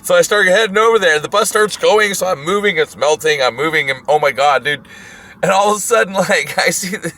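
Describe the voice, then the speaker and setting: A man casually telling a wild story, animated and profane, often breaking into laughter. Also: high voice, brisk.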